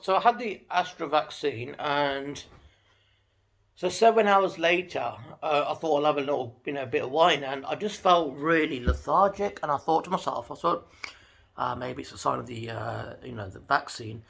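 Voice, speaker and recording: Male vlogger, gravelly and forceful tone, slightly high pitch, chatty storyteller. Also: lively intonation, moderate pace. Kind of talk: casual talking-to-camera vlog.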